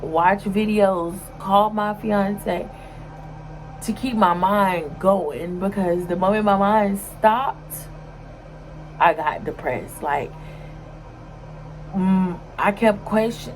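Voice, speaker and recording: A young woman speaks straight to her viewers in a loose, casual vlog manner. Her talk is emotional and at times close to tears, full of fillers and restarts. Her voice sits in a medium pitch, with faint noise in the background. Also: vocal fry, rough recording. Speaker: vlogger.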